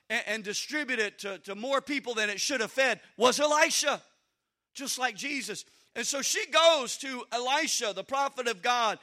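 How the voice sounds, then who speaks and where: A man preaching a sermon with emphatic delivery, building to shouted peaks and dropping into quiet asides. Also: very high voice.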